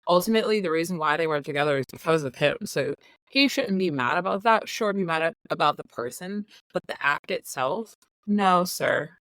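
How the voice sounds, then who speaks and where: A woman guesting on a podcast, giving opinionated takes on a film with quick bursts and sudden pitch jumps. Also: animated, a bit bright, no room sound. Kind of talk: casual film discussion.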